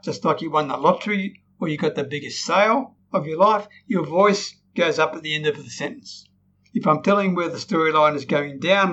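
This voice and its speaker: A man with a fairly high voice coaches an audience on storytelling, acting out sample lines and tagging his points with "right?". The recording is dull and lo-fi, with a faint hiss underneath. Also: sharp tone. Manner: demonstrates tones, frequent "right?" tag questions. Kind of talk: recorded lesson.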